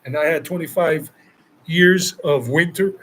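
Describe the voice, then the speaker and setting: Guy from the states doing a live q&a, kinda high voice, says stuff twice to hammer it home. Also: a little slow, fairly bright tone, poor audio. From United States. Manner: emphatic, repeats phrases for stress. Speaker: travel vlogger. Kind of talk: live Q&A chat.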